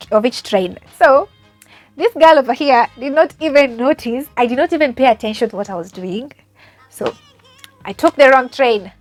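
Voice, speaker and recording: A young woman with a Kenyan accent tells her stories in a loose, chatty way, full of fillers and quick laughs at her own expense. Her voice sits a little high. Light music plays quietly behind her. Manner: chatty, self-mocking, laughs often, many fillers. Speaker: au pair. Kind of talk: casual storytelling vlog.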